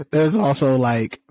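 A man's voice: medium pitch, a little mellow, no echo. A man from California co-hosting a podcast, talking in a frustrated, conversational way and laughing often. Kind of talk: casual chat.

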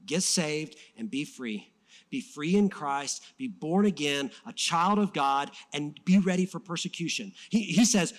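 A fired-up male pastor preaching to his church, his fairly high voice rising to loud emphasis and then dropping soft and low. The sermon is delivered in a passionate, conversational way. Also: animated, moderate pace.

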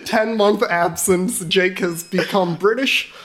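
A man's voice: high voice, takes it slowly, fairly bright tone. A man co-hosting a podcast from his apartment living room, loose and upbeat. He laughs easily between lines and keeps the chat casual. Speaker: podcast co-host.

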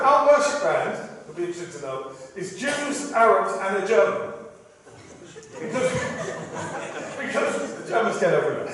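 A man from England preaching a sermon with animated scripture quotes and joking asides. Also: high voice. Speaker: pastor. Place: church hall. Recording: echoey hall, speaker far from mic.

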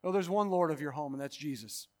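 A man preaching a sermon as pastor. He swings from loud, drawn-out proclamations to hushed, quiet lines, with bursts of rapid exhortation. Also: fairly high pitch.

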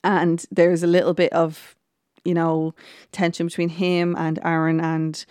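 A woman's voice: lowish voice, monotone, unhurried, a little mellow, clean tone, no echo, clean studio sound. A woman hosting a podcast, chatting casually through an episode recap with plenty of ums, restarts and quoted lines. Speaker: podcast host.

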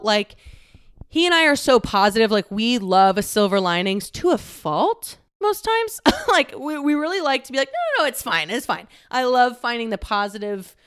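Candid young woman, clear high voice. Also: a bit bright. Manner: candid, emotional, laughs often, swears casually. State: close to tears. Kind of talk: personal storytelling.

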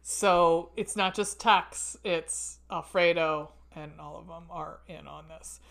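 A woman co-hosting a podcast, recapping a movie plot step by step in a relaxed, casual way with many fillers. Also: lowish voice, slow pace, gravelly. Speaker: podcast co-host.

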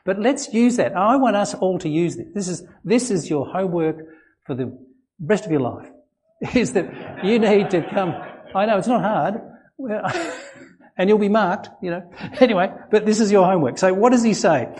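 A man's voice: high-pitched, animated, normal speed, darkish tone. A male pastor preaching a sermon in a church, earnest and conversational, often repeating phrases and chuckling between points. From Australia.

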